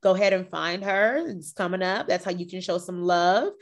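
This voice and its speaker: A woman hosting a podcast in casual chat, animated and playfully shady, acting out reactions. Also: on the low side, moderate pace. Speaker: podcast host.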